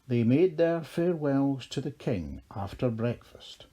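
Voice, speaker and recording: Man reading a kids story slowly, lively up and down voice, husky. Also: medium pitch. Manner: measured and expressive. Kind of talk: storybook narration.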